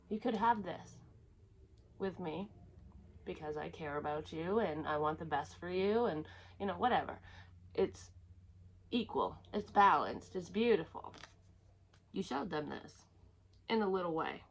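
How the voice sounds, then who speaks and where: Psychic medium, woman, low-ish voice; casual, profane, rambling delivery. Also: low-quality recording. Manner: candid and profane, talks in a rambling flow. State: close to tears at times. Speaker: psychic medium giving a reading. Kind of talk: casual intuitive reading to camera.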